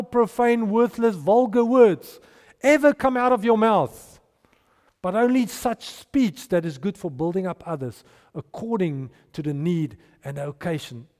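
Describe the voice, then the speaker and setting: A man preaching a sermon, animated and storytelling, with restarts and hushed asides. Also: sits high. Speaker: pastor. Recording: long hall reverb.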